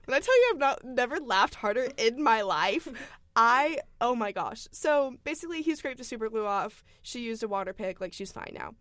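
A woman's voice: a little high, animated, normal speed, a bit bright, no echo, clean studio sound. A young woman, telling a funny story as a podcast co-host and laughing often. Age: young adult. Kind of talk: casual storytelling chat.

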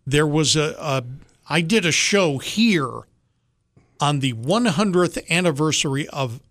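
A man co-hosting a radio show, chatting casually and chiming in with quick remarks. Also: on the high side, animated, fairly bright tone, no room sound. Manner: quick interjections, conversational. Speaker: radio co-host.

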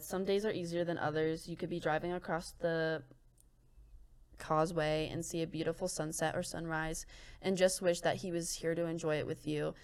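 A young woman co-hosting a casual true-crime podcast, reading quotes aloud with soft laughs and many fillers. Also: low-pitched, clean tone. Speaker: podcast co-host.

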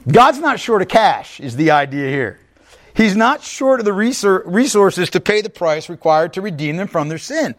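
A man's voice: high voice, big pitch swings, normal speed. A male pastor preaching an emphatic, conversational sermon, often checking in with his listeners. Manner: emphatic, conversational preaching with frequent "right?" asides.

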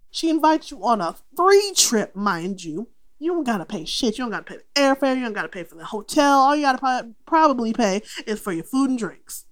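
A young adult woman with a fairly high voice talks through a movie on her podcast. Her delivery is loose and animated, and she swears freely as she jumps into the characters' lines to make her point. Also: brisk. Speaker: podcast host. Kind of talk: casual movie recap podcast.

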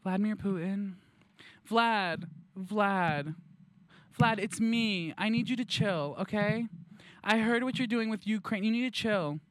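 A man's voice: high-pitched, a little slow, a bit bright, voice pushed up. A man playing a smug male empath in a comedy sketch, talking in a soothing, pleading, self-congratulating way.

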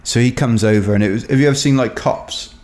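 A Welsh man, an ultrarunner appearing as a guest, spins a wry, rambling story in casual conversation, sprinkling in "kind of" and "you know." His voice is medium-pitched and darkish, and he talks fast. The recording has a roomy echo.

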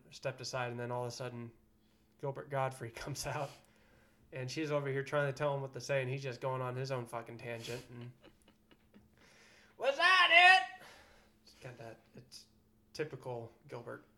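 A man co-hosting a podcast in casual chat, frank and profane, prone to ranting. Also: medium pitch. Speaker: podcast co-host.

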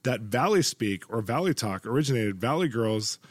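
A man's voice: medium pitch, expressive, normal speed, slightly rough, dry recording. Man, talk-show host, jokey and laughing, dry close sound. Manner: jokey, laughs often, quiz-show teasing. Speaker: interview host. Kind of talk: playful interview chat.

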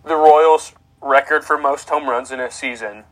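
A man's voice: fairly high pitch, fairly even intonation, moderate pace, poor audio. A young man co-hosting a casual sports podcast, mostly chiming in with short quips. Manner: quiet, chimes in with quips. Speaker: podcast co-host.

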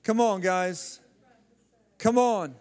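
A man's voice: sits high, drawn-out words, a little mellow, smooth. A male pastor preaching a sermon, fervently exhorting the congregation with calls and responses and often repeating and restarting his phrases.

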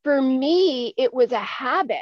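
A high-pitched, expressive woman in her forties speaks unhurriedly as an interview guest, earnest and candid, repeating words as she feels her way along. Her voice sits close and dry with no room sound at all. The recording itself is dull and lo-fi.

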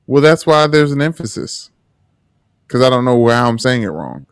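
A man's voice: medium pitch, animated, moderate pace, clean tone, no echo, clean studio sound. A man co-hosting a casual podcast chat, talking earnestly with many restarts and repeated words. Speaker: podcast co-host.

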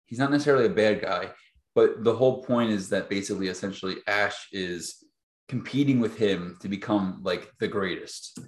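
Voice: deep voice, normal speed. A podcast co-host in casual chat, an easily laughing fan explaining the show. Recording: roomy echo.

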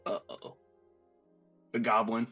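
Low-voiced playful man playing a tabletop game. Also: completely flat delivery, slow, pushed and bright, breathy edge, highs cut off, faint music behind. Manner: playful, laughing often. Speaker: player. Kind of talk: casual play at a tabletop game over a video call.

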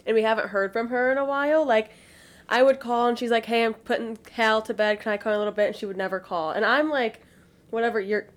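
Higher-voiced woman telling relaxed stories. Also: fast talker. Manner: relaxed anecdote-telling with laughs. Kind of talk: casual chat.

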